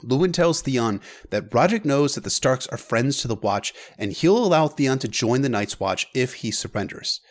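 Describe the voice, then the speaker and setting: A man's voice: mid-range voice, normal speed, hardly any pauses. Male narrator, casual recap read, mid-range voice, a few stumbles. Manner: relaxed, with stammered restarts.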